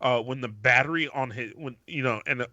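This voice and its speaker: A man's voice: medium pitch, fairly quick, bright, forceful tone, no room sound. A man co-hosting a podcast in casual banter, rambling with lots of fillers and swearing, on a dull lo-fi mic. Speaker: podcast co-host.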